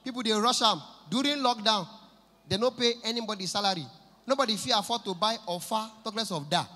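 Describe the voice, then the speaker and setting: A man with a Nigerian accent doing an animated stand-up comedy set in Pidgin English, switching into voices for his characters. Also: high voice, a little fast. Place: large live venue with audience. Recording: echoey hall from a live show.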